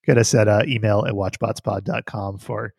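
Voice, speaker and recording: Casting: male podcast host, gravelly husky voice, loose rambling banter, dry close mic. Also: on the low side, steady tone, moderate pace, darkish tone, dry recording. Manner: laughing, rambling, profane.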